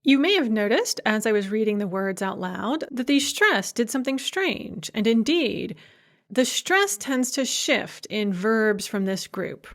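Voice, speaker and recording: A woman's voice: on the high side, sing-song, measured pace, a bit bright. Methodical woman lecturing on grammar. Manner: clear, methodical explaining, carefully pronouncing example words. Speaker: Russian language instructor.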